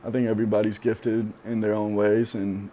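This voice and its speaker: A young man being interviewed on a podcast, speaking candidly and reflectively, with many pauses and fillers. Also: lowish voice, flat delivery, dull audio, slight background noise. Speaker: podcast guest.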